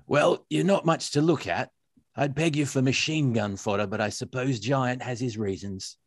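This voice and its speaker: A man voicing a sneering male dwarf villain in a higher, mocking voice while reading his own novel aloud. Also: moderate pace, dry recording, clean studio sound, lightly acted. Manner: contemptuous, mocking.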